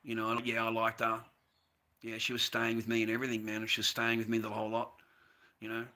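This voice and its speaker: A man's voice: fairly low pitch, completely flat delivery, fairly quick, sharp tone. An Australian man telling a long story in a profane, repetitive, casual monologue. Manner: profane, repetitive, addresses the listener as mate and bro. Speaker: vlogger recounting a story.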